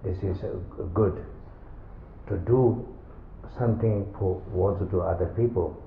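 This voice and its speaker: Slow halting man giving a dharma talk. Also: low voice, slight background noise. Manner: slow, halting, simple phrasing. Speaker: Buddhist teacher. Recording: echoey, phone-like sound.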